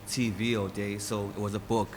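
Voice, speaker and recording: A young man from Durban with a South African accent. He tells relaxed, rambling stories in an interview, slipping into Zulu phrases and mimicking other people's voices. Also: lowish voice, normal speed. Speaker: guest musician. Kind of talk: casual interview storytelling. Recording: hall reverb with faint ambient noise.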